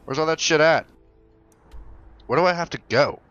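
A young man giving casual, excitable commentary over his gameplay. He swears freely and talks back to the characters on screen. Faint game music sits under his voice. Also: a little high, moderate pace, muffled recording. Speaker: gaming channel host.

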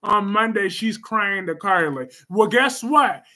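A man hosting a casual livestream, reading viewer comments in a sassy, emphatic way with sudden loud bursts. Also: sits high, expressive, measured pace.

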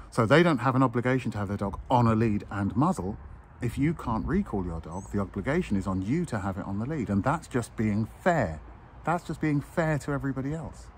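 A man's voice: mid-range voice, a little hiss or hum. A man talking as a dog trainer, giving blunt, lecturing advice straight to camera and briefly mimicking other owners in a raised voice. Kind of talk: direct-to-camera advice talk.

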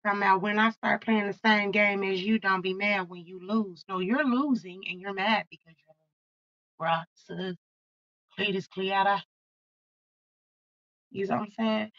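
Bright, profane tarot-reading woman. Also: mid-range voice, steady tone, measured pace, long pauses, dry recording, dull audio. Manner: blunt, profane, fired-up channeling. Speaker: tarot card reader. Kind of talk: casual tarot reading to viewers.

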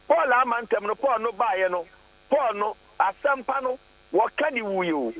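A man's voice: very high-pitched, lively intonation, a little slow, a bit bright. A man with a Ghanaian accent, phoning in to a radio talk show and speaking in an emphatic, defensive way. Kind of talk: phone-in radio chat. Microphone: phone. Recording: tinny phone line with hum.

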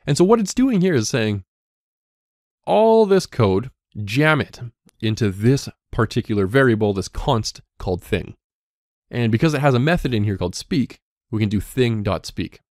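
Lively man walking through code. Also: normal speed, no echo, clean studio sound. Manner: explains step by step, reading code aloud; lively ups and downs in pitch. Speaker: coding instructor. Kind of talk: screencast coding lesson.

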